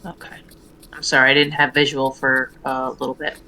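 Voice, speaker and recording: A woman playing a tabletop game online, hesitant and filling pauses with ums. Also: very deep voice, level tone, pushed and bright. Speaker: player.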